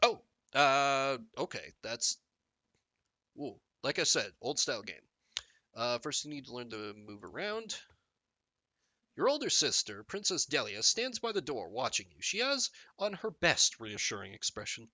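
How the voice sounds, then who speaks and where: Bright animated man streaming a game. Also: medium pitch, a little slow, no echo. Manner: jokey, animated, reads game text and riffs on it. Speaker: streamer playing a text game. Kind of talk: live game commentary and reading aloud.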